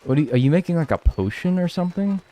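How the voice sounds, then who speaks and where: A man's voice: a little high, animated, quick pace, warm tone. A man streaming live, chatting casually and joking as he reads and answers his chat.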